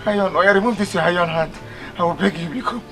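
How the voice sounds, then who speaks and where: An actor with a Nigerian accent playing a comic henpecked husband in a Nollywood comedy, pleading and blustering, mixing Igbo with pidgin. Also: male voice, sits high, fast talker, sharp tone, soft background music.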